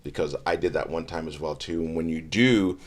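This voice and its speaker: A man with a deep, low-set voice speaks as an interview guest. He tells his stories with lively energy and slips into the voices of the people he quotes. The talk is casual and unscripted. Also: fairly quick. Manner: animated storyteller, acts out quotes. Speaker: guest investor.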